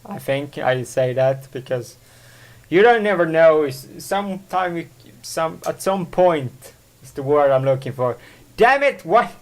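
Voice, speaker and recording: A man's voice: fairly high pitch, unhurried. A man hosting his own solo podcast, rambling with many fillers and self-corrections. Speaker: show host. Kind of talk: casual solo podcast monologue.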